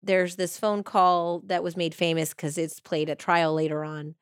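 A woman casually telling a true-crime story, acting out quotes with big jumps in pitch and filling her talk with "like". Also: a little slow, clean tone, dry recording, studio quality. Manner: animated retelling, acts out quotes with pitch jumps; many fillers like "like" and "you know". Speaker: podcast co-host.

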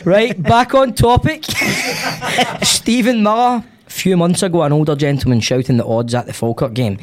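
A man's voice: high-pitched, normal speed. A Scottish man hosting a casual chat, reading out listener stories with lots of giggling. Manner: giggly, banter, reads out ads. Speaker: podcast host.

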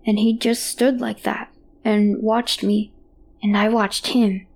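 A woman's voice: medium pitch, flat delivery, slow pace, creaky, a little mellow. A woman reading a horror story aloud in a child's hesitant first-person voice. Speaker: narrator. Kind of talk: scripted horror narration.

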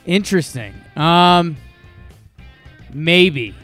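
Man, sports podcast co-host, higher pitch, rambling and joking, faint music behind. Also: animated, measured pace, a bit bright, smooth. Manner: rambling, joking, many restarts. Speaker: podcast co-host making betting picks. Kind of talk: casual sports chat.

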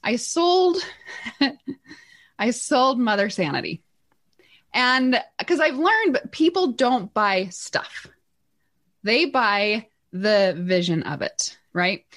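Brief: middle-aged woman, upbeat podcast guest, quick laughs, voice on the high side. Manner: excitable, laughs often, acts out quotes. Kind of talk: energetic interview storytelling.

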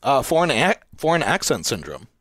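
A man's voice: medium pitch, very animated, normal speed, a bit bright, dry recording. Playful male sidekick, bouncy intonation, dry close recording. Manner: joking, playful. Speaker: co-host. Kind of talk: casual podcast chat.

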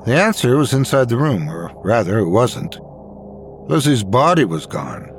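A man telling a horror story in a dramatic, expressive scripted narration. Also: medium pitch, moderate pace, slight background noise.

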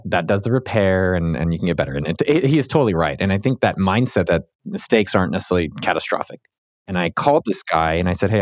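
Deep voiced guy hosting a podcast, talks fast, rambles and restarts a lot, dry mic. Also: no echo. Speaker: podcast host. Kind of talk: casual interview chat.

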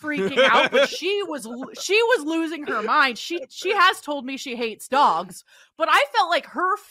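High bright lady co-host, super animated, dry close sound. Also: measured pace, dry recording. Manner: animated, lively storytelling with many likes. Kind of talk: casual chat, telling a story.

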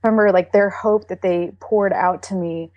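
A woman's voice: mid-range voice, fairly even intonation, moderate pace, darkish tone, no room sound, muffled recording, soft background music. A middle-aged woman from Texas tells her faith testimony in an earnest, emotional way. She halts and restarts as she talks. Her voice sounds close and dry. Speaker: interview guest.

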